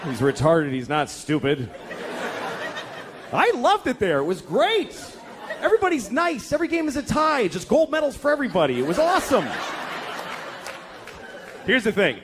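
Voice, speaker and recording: A middle-aged man performs stand-up on a comedy club stage, telling profane, exasperated stories and acting out voices. His voice is high, with wildly swooping pitch, a moderate pace and frequent pauses. It's a live club recording full of crowd noise and audience laughter.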